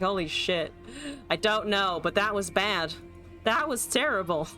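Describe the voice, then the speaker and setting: Speaking a little slowly in a mid-range voice, a young woman streamer narrates her card game live. She's animated, cursing and laughing while reading and responding to chat, over faint background music.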